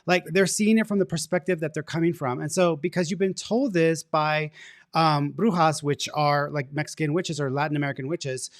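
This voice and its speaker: Male psychic co-host, chatty and animated, higher voice, dry recording. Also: no echo. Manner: chatty, animated, laughs easily. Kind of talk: live reading, casual chat.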